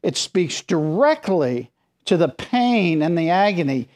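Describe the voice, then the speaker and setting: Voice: medium pitch, big pitch swings, measured pace, a little mellow. A pastor preaching a sermon in a conversational but emphatic way, with informal asides.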